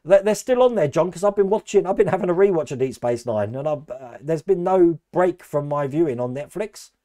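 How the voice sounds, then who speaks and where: An older Australian man with an accent mixing Australian and Essex English hosts a live stream, chatting casually and answering viewers' comments by name. His voice is fairly high, mellow, animated and brisk.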